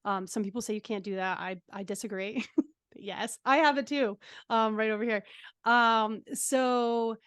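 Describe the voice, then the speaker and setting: Woman guest telling her story, chatty and animated, lots of ums and laughs, a bit high, dry close sound. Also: unhurried, clear, resonant tone, dry recording. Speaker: guest, transformational coach. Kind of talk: personal storytelling in an interview.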